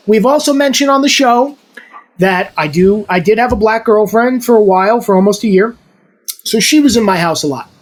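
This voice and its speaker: A man telling a long story as a podcast co-host, swearing freely and acting out what others said. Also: very high-pitched. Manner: profane, animated, acts out dialogue. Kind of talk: casual storytelling.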